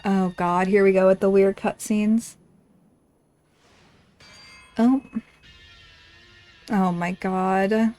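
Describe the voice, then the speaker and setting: A woman streaming a game, reacting in excitable, foul-mouthed casual commentary. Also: mid-range voice, very slow, long pauses, soft background music. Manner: excitable, swearing, laughing reactions.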